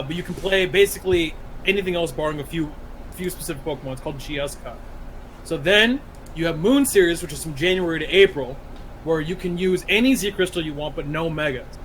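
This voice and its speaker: A man co-hosting a casual podcast, calmly walking through the details in a laid-back way. His voice sits slightly high, with faint noise in the background. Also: rough recording. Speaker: podcast co-host.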